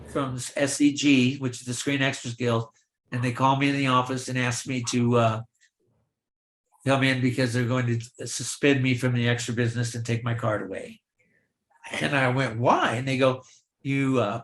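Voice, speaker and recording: Older male guest, mid-range voice, spins lively anecdotes and plays every part in the dialogue himself; roomy, echoey recording. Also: mid-range voice. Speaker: guest, veteran film extra. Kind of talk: storytelling in a virtual Q&A. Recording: roomy echo.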